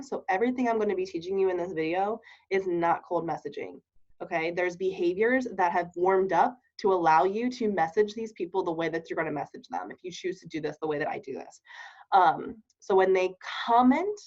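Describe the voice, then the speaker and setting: A woman's voice: mid-range voice, darkish tone. Chatty woman coaching on camera, keeps asking "okay?", bit muffled lo-fi sound. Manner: chatty, laughs often, checks in with "okay?" and "right?". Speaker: network marketing trainer. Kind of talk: casual training talk to camera. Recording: dull lo-fi recording.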